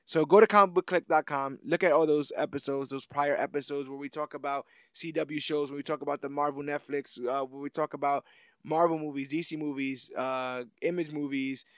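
A man with a fairly high voice hosts a podcast and signs off in a loose, joking ramble. His voice is recorded close and dry, with no room sound at all. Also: steady tone, a little fast, a bit bright, smooth, no echo. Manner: playful, joking, rambling sign-off. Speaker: podcast host. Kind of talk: casual podcast outro.

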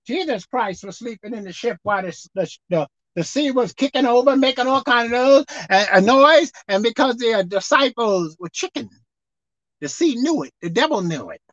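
Animated woman preacher. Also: moderate pace, no echo, highs cut off. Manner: animated, swings between loud exclaiming and low murmuring. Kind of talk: televised sermon.

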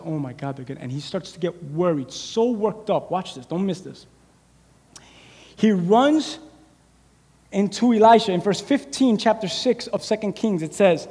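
A man preaches to his congregation with a very high voice, acting out the scripture scenes as he goes. His voice rings in a large church hall with a long reverb. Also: slightly rough. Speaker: pastor. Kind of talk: sermon.

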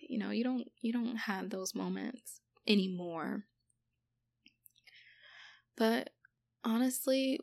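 A woman speaking gently and conversationally, leading a spoken prayer of comfort. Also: mid-range voice, takes it slowly, vocal fry, long pauses, no room sound, studio quality. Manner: gentle, conversational, with many fillers. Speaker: prayer leader.

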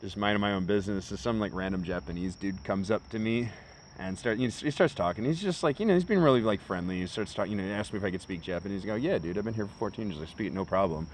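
A man's voice: on the low side, fast, a little hiss or hum. An American man chatting casually as podcast co-host outdoors in a park, rambling through stories and swearing freely. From United States. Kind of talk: casual chat.

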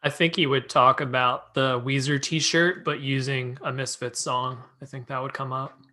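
A man's voice: medium pitch, normal speed. A man hosting a casual chat, reading through his notes on a skate video and cracking jokes. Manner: relaxed, jokey, reads from notes. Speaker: podcast host.

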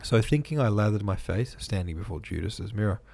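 A man reads a book aloud with deliberate pacing, stopping now and then to laugh at a misread line. His voice is low and gravelly, with a husky edge. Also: animated, darkish tone. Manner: deliberate storytelling, laughing at his own slips. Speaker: reader.

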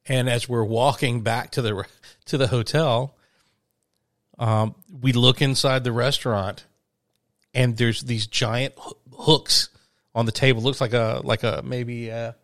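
A man's voice: mid-range voice, a little slow, a bit bright, no room sound, studio quality. A man telling travel stories in a casual podcast chat, rambling with lots of restarts and fillers. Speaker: podcast host, touring musician.

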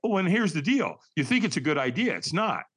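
A man telling a personal story as a podcast guest, energetic and vivid, acting out what others said. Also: a little high, a little fast, husky. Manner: energetic, acts out quoted voices, frequent restarts. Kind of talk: animated storytelling.

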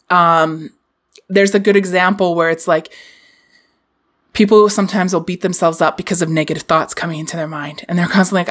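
A woman hosting a podcast, giving a candid, casual motivational talk and swearing freely. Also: on the low side. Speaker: podcast host.

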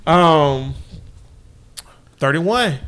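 A man's voice: fairly high pitch, lively intonation, very slow, fairly bright tone, clear, resonant tone. A man hosting a podcast, talking in loose, joking banter and laughing often. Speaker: podcast host.

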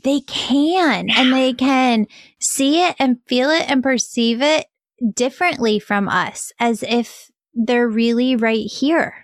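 High-voiced woman host, talks slow, keeps agreeing and echoing her guest. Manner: affirming, echoes the guest. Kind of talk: interview chat.

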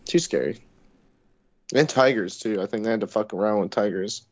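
A man's voice: on the low side, moderate pace, no echo. A young man in casual chat, laid-back, reacting with swear words. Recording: dull dry lo-fi sound.

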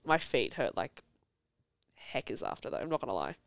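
A woman's voice: extremely low pitch, very animated, moderate pace, no echo. A woman in her thirties, a podcast guest chatting casually and telling stories with laughter and expression. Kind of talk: casual chat.

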